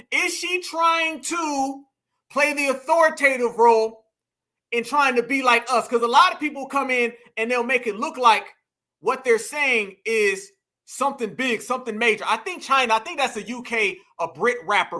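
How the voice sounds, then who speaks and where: A man's voice: very high-pitched, moderate pace, pushed and bright. A man hosting a reaction commentary, addressing viewers as "y'all" and "family" and repeating phrases for emphasis. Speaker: commentary host.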